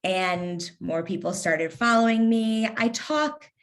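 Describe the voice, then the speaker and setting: A woman's voice: mid-range voice, slow. A woman in her thirties from Kentucky with a light Southern accent, talking as an interview guest in a sarcastic, witty way. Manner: sarcastic, witty, laughs easily. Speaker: guest, lifestyle influencer. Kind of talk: casual interview conversation.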